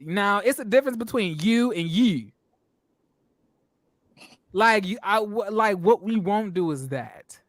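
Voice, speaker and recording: A man hosting a casual review show, talking in an animated, emphatic way and acting out what people on the show said. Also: high voice, measured pace, long pauses, no room sound, studio quality. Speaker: show host reviewing reality TV. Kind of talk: casual commentary.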